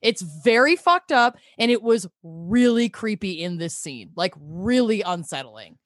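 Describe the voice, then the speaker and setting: Animated woman co-hosting a podcast. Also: mid-range voice, unhurried, dry recording, clean studio sound. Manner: animated, swearing, emphatic. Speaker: podcast co-host. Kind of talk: casual chat recapping a TV episode.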